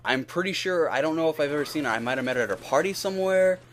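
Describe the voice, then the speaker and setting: A man's voice: fairly high pitch, lively intonation, racing, a little hiss or hum. A young man telling a rambling, candid story over gameplay, swearing freely and acting out both sides of the conversation. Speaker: gaming video host. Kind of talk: casual gameplay commentary storytelling.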